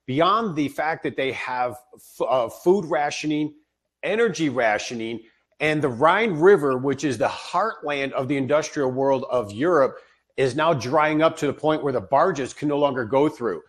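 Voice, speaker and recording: A man speaking as a guest for a precious metals company, laying out economic news in a brisk, informative sales pitch. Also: lively intonation.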